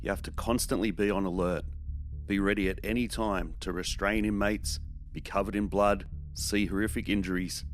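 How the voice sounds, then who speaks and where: A very deep male voice delivers scripted narration, sober and measured. A faint guitar bed plays beneath him. The delivery is steady and serious.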